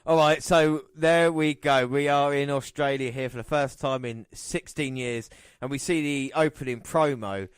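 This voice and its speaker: A man's voice: medium pitch, fairly even intonation, moderate pace, hardly any pauses, clear, resonant tone, no echo, studio quality. A man hosting a podcast, chatting casually and calling match action play by play. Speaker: podcast host. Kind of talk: casual wrestling podcast commentary.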